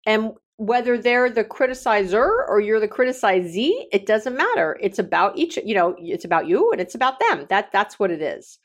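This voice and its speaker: Animated woman with lively pitch. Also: normal speed, hardly any pauses. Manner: animated storytelling, acts out quoted dialogue. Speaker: relationship coach and consultant. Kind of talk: podcast advice talk.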